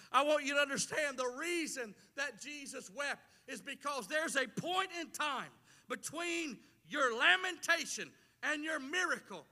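Man, middle-aged pastor, very high and bright-toned, passionate repetitive sermon style, long church-hall echo. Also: lively intonation, a little slow. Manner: impassioned preaching with repeated phrases. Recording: long reverb of a large hall.

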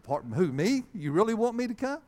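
A man's voice: sits high, big pitch swings, darkish tone, pitched above the performer's own voice. A man doing a brash, blurting apostle. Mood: eager. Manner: eager, impulsive, quick to speak.

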